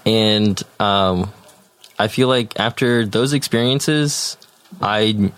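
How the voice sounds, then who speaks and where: Playful young man guest, lowish voice. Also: slow pace, fairly bright tone, dry recording. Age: young adult. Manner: playful, likes doing voices. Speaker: podcast guest. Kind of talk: casual chat.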